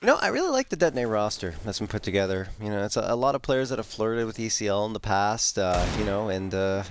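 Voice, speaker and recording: A man commentating an esports match, his pitch swinging lively as he talks through plays and player histories. Faint hiss sits under the voice, and he sounds like he's on a live broadcast desk. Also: fast. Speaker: esports caster.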